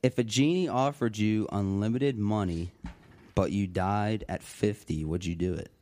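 A man's voice: on the low side, measured pace, a little mellow. A man in his twenties hosting a casual podcast with friends, reading out fan questions and teasing the others. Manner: teasing, says "bro" and "dude" a lot. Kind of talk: casual chat among friends.

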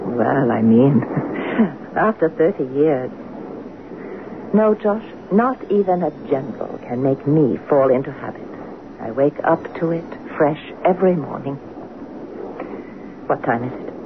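A woman's voice: sits low, lively intonation, measured pace, pauses often. A woman in her fifties playing a spirited, teasing French-born wife of an American general in an old-time radio drama. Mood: tender. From France. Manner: affectionate and playful. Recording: tinny, noisy old radio broadcast.

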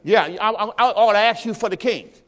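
High-voiced preacher in an echoing hall. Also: male voice, steady tone, a little fast. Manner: conversational preaching, quizzing the congregation. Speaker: pastor. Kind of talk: sermon teaching. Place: church sanctuary. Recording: long hall reverb.

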